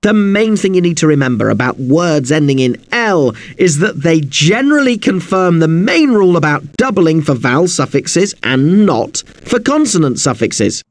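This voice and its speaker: A man's voice: a little high, sing-song, moderate pace, few pauses, no echo. A man teaching an English spelling lesson, polite and a little apologetic, who spells words out letter by letter.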